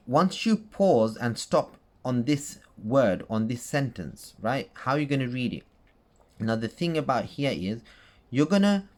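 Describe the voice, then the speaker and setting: Man, recitation teacher, casual tutorial, patient, repeats himself, checks in often. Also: medium pitch. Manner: patient, repeats points with frequent "okay?" and "right?" checks.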